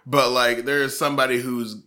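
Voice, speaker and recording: A young man co-hosting a casual true-crime podcast, telling the story playfully with sudden high squeaks, his throat a little sore. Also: level tone, a little fast, a crowd in the background. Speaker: podcast co-host.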